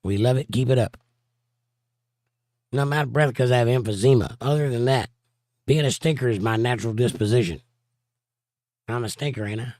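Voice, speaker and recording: A hoarse man hosting a casual livestream, reading chat comments aloud and joking around. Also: medium pitch, brisk, pauses often, a little mellow, no room sound, clean studio sound. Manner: joking, playful banter.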